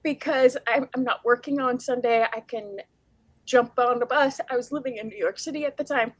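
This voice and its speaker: A woman on a convention panel telling a story in an unhurried, thoughtful way, pausing with ums. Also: a little high, dry recording.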